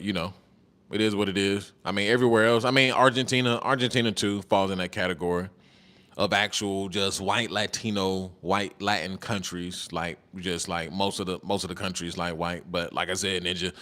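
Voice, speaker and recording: A man's voice: deep voice, normal speed, pushed and bright. A man hosting a casual livestream, reading viewer comments aloud in a loose, slangy way, repeating his phrases and laughing often.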